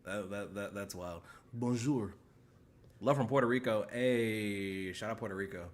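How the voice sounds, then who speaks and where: A man's voice: lowish voice, moderate pace. A man hosting a podcast, reacting to a video in a laid-back, joking way and reading out viewer greetings. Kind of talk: casual reaction commentary.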